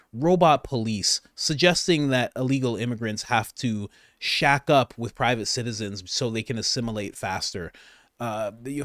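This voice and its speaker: A man delivering casual commentary on news clips, sarcastic and excitable, with his pitch rising and falling a lot. He rambles and restarts mid-sentence. The sound is dry and close to the mic. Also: no room sound. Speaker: host, political commentator.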